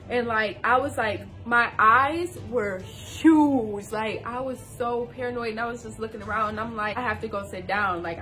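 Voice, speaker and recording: A woman's voice: on the high side, fairly bright tone. A young woman telling a casual storytime, slangy and talking straight to viewers. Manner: slangy, addresses viewers directly.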